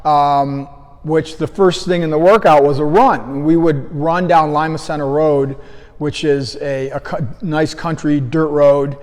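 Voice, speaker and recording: A man's voice: on the high side, steady tone, a little slow, a little mellow. A man who coaches fitness and founded his own gym, telling a casual anecdote that rambles, raising his voice to act out what people said. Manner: rambling storyteller who acts out quoted lines in a raised voice. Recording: long hall reverb.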